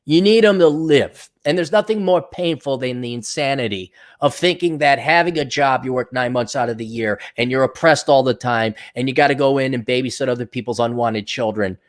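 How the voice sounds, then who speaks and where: A man's voice: mid-range voice, fairly quick, few pauses. A man hosting his own show, ranting in a sarcastic, profane, mocking way. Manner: mocking mimicry of others. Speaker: show host. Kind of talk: livestream rant.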